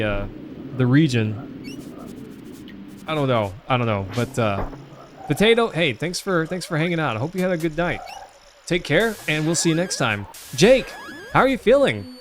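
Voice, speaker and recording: A man's voice: fairly high pitch, a little hiss or hum. A man with a Southern US accent streaming a retro game, chatting casually and rambling to his chat with many fillers. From Southern United States. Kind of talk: casual live-stream chat while gaming.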